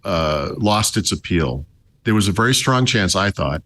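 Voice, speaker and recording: A man's voice: low-pitched, animated, moderate pace, a bit bright. A man talking casually as a tech podcast commentator, wry and chatty, with many fillers and restarts.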